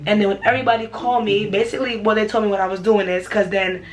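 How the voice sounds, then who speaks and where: A young woman, casually retelling a personal story for her vlog, animated and repetitive. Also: medium pitch, fast talker, low-quality recording. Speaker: vlogger.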